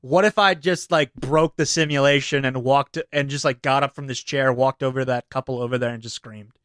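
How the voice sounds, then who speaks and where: A man's voice: mid-range voice, fairly even intonation, fairly quick, a bit bright, no echo, studio quality. A young man co-hosting a casual podcast chat, laughing often, trailing off and restarting, swearing casually. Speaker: podcast co-host.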